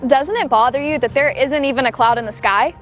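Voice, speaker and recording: A woman playing a perky female TV field reporter in a kids' church comedy skit, interviewing in a bright, chirpy way. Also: high-pitched, fairly quick, soft background music.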